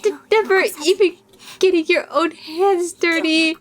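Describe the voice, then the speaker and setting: Woman doing a young hostage girl, very high, loud, defiant, exhausted. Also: fairly even intonation, unhurried.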